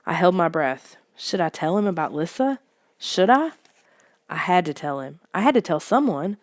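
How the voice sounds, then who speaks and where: A woman reading a first-person story aloud in steady, even narration. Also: lowish voice, normal speed, no room sound, clean studio sound. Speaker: audiobook reader.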